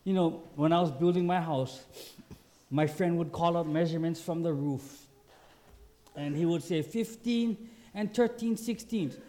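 Male preacher, high-pitched, lively storytelling sermon delivery. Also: moderate pace. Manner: animated, acts out quoted voices. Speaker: pastor.

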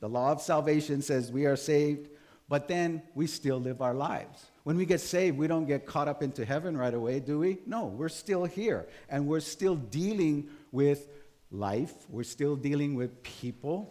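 Older male pastor from Hawaii, casual chatty sermon delivery with fillers. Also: fairly high pitch. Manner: relaxed, conversational, many fillers. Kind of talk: sermon with storytelling.

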